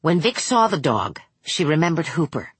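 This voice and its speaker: A woman reading an audiobook in a measured, steady voice. Her tone is low and husky. The recording is close and completely dry. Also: dry recording. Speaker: audiobook narrator. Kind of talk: scripted narration.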